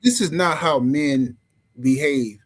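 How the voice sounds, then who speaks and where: A man hosting a podcast, telling stories in an animated way and swearing freely. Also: on the high side, a little slow, poor audio. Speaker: podcast host. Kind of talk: podcast commentary.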